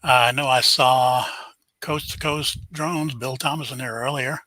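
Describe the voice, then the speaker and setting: A man's voice: medium pitch, fairly even intonation, measured pace, pushed and bright, dry recording, rough recording. An older man, hosting a casual live stream, chatting and greeting viewers by name.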